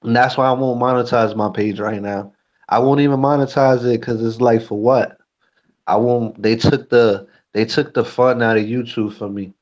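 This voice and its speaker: A man's voice: fairly low pitch, a little mellow, highs cut off. Blunt man in frank casual chat. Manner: blunt, frank, curses freely. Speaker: YouTuber, co-host.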